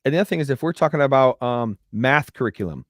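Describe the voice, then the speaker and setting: A young adult man co-hosting a casual podcast, talking in a quick, loose conversational way. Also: mid-range voice, lively intonation, dry recording, clean studio sound. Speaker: podcast co-host.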